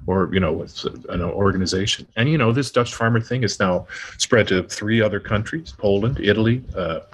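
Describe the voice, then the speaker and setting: A low-pitched man with a husky voice co-hosts a casual podcast. He speaks in measured, thoughtful sentences and often chimes in with agreement. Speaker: podcast co-host. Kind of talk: casual conversation.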